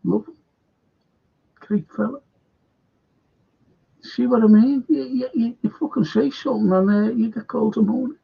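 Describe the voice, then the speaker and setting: A man's voice: very high voice, a little fast, vocal fry, few pauses, breathy edge. A man hosting a fan football show, ranting heatedly and swearing constantly as he repeats himself. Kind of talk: angry ranting talk-show monologue. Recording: dull lo-fi sound.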